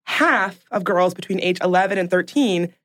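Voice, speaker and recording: A woman's voice: lowish voice, normal speed, fairly bright tone. A woman co-hosting a podcast in casual chat, reading out facts and growing emphatic and indignant. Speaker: podcast co-host.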